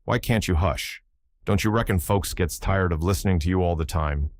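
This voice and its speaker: A man voicing a sulky teenage boy in an audiobook, grumbling and scolding in a slow drawl. The sound is dry and close to the mic. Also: low voice, dry recording, lightly acted.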